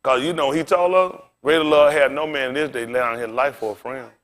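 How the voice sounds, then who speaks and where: A man preaching a sermon as pastor, in a casual style with big swings in pitch and loudness and direct asides to the congregation. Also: steady tone, fairly quick.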